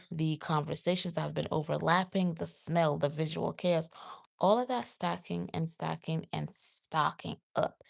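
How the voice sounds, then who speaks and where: A woman vlogger talking casually to her viewers, getting animated and jumping high when she acts out her own outbursts. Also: creaky. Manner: says "y'all" and "you guys". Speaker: vlogger host. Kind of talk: casual talk to camera.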